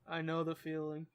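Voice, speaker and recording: A man's voice: on the high side, clean tone, no echo. A man co-hosting a podcast, chatting casually about comics, laid-back and swearing freely. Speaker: podcast co-host. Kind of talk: casual comic-book review chat.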